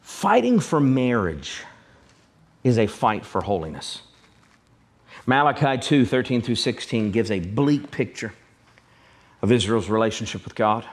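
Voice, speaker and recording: A man's voice: medium pitch, very animated, measured pace, pauses often. Emphatic man preaching a sermon. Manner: emphatic, repetitive, direct address to the congregation. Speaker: pastor.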